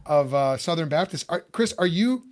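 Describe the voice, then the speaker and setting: A man's voice: a little high, animated, normal speed. A man from Chicago hosting a podcast, chatty and rambling, with many fillers and restarts. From Chicago, USA. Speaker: podcast host. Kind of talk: casual podcast interview.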